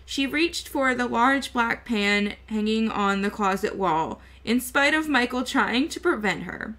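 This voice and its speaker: A woman reading a novel aloud chapter by chapter, going slowly and carefully, stumbling now and then and correcting herself. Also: fairly high pitch, animated, a bit bright. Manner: slow, careful reading with small slips and self-corrections. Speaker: VTuber book reader.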